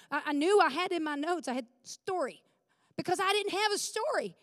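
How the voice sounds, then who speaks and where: A woman's voice: very high-pitched, expressive, fairly quick, studio quality. A woman pastor in her forties preaching in a church, praying fervently and telling a personal story earnestly. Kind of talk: sermon with prayer and personal story. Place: church sanctuary. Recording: long reverb of a large hall.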